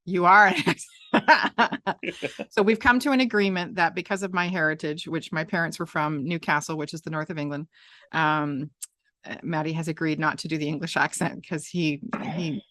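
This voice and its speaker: A woman's voice: deep voice, steady tone, brisk, fairly bright tone, dry recording, studio quality. A woman hosting a talk show, chatting casually and rambling with many restarts and fillers. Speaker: podcast host. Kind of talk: casual chat.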